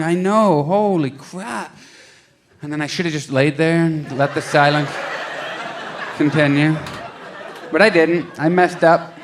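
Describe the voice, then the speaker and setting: Comedian guy on stage telling a story, kinda high voice, acts out the quotes, bit of club hum behind. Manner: animated storytelling with acted-out quotes. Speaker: stand-up comedian. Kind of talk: stand-up routine.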